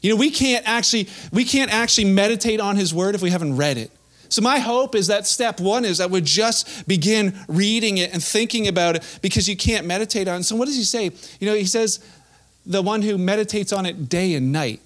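High-voiced casual young male preacher. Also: brisk, a bit bright. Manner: casual, conversational preaching with playful acted-out asides. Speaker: pastor. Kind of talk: sermon.

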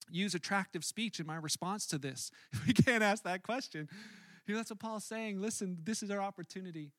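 A man preaching a sermon as a pastor, conversational and animated, acting out his own angry outbursts in stories. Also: high voice, no echo, clean studio sound.

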